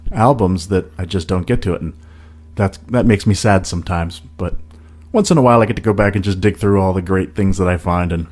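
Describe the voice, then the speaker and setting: A man hosting a casual podcast, talking about new metal releases in a relaxed, enthusiastic way with some hesitations. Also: low voice, brisk. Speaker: podcast host.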